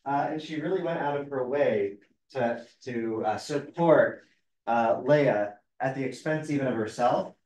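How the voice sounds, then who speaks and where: A man's voice: mid-range voice, a little slow, darkish tone, highs cut off. A man, a rabbi, leading a conversational text study class, explaining and reading passages aloud in a thoughtful way. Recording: roomy, distant mic.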